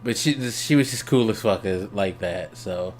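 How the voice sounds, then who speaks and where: A young adult man streaming, telling a story casually, swearing freely and laughing as he goes, his voice jumping up when he gets excited. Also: on the low side, normal speed. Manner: laughs between lines.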